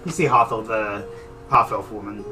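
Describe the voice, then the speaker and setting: A woman running a tabletop game as game master, talking in a relaxed, giggly way. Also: rumbling low, normal speed, far from the mic, music in the background, poor audio.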